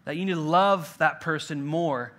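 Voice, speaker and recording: A man's voice: fairly high pitch, normal speed, fairly bright tone. A young adult man preaching a conversational sermon, jokey and loose, with lots of filler words. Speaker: pastor. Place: church in-person gathering.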